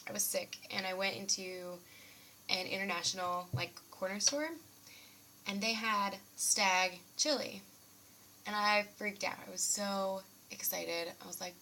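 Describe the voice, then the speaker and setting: A young woman talks to camera from her dorm room in a loose, rambling way, laughing often and joking at her own expense. Her voice is bright and forward, at a middle pitch, with a dry sarcastic streak running under it. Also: fairly even intonation, unhurried, creaky, a little hiss or hum. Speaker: student vlogger. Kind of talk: casual rambling vlog.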